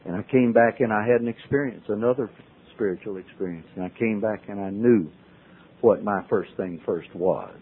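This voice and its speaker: A man tells his recovery story to a meeting in a folksy way, swinging from loud to hushed. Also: on the low side, normal speed, breathy edge. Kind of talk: personal storytelling talk. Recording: tinny phone-like old tape.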